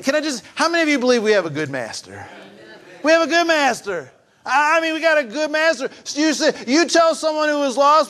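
An older man preaching a sermon, who moves between raised, emphatic passages and soft, hushed, confiding ones, often repeating and restarting his phrases. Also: a little high. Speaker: pastor.

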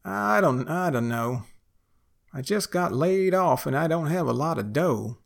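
A man voicing a down-on-his-luck friend with a folksy drawl and a gravelly voice. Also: a little high, animated, a little slow, pitched above the performer's own voice. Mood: resigned.

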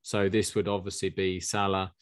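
A man's voice: low voice, little pitch movement, normal speed, smooth. A man hosting a casual podcast, playfully reading out questions to his co-host. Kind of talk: casual chat about fantasy football.

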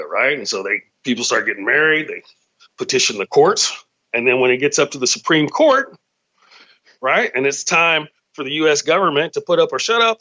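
Hosting his own show, a man riffs through a loose, profane comedic monologue, hopping from one thought to the next. His medium-pitched voice is expressive, a little fast, and sharp, heard through a slightly dull, lo-fi recording.

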